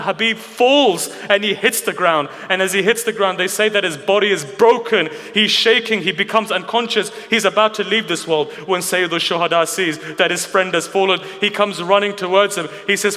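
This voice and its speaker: A man delivering an emotional religious sermon, telling stories with many rhetorical questions. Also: sits high. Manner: emotional, rhetorical questions, drops to a hushed weeping tone. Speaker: speaker at a mourning gathering. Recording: reverberant hall.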